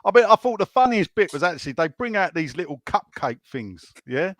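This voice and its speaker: Chatty Cockney man with a higher voice. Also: very animated, fairly quick, no room sound. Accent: London Cockney. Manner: rambling, laughing, many restarts. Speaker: guest. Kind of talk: casual podcast chat, storytelling.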